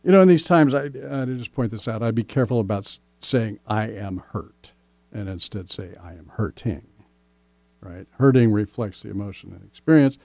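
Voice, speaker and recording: A man hosting a relationship podcast as a coach, speaking gently and slowly, often ending points with "right?". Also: medium pitch, vocal fry, dry recording. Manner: gentle, slow, many "right?" tags. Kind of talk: casual podcast advice.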